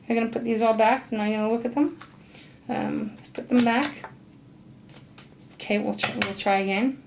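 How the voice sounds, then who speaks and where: A woman giving a casual tarot reading, effusive and gushing with excitement, murmuring softly when she addresses spirit. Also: on the high side, moderate pace, pauses often, a little hiss or hum. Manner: talks to spirit, murmurs softly while drawing cards. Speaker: intuitive tarot reader.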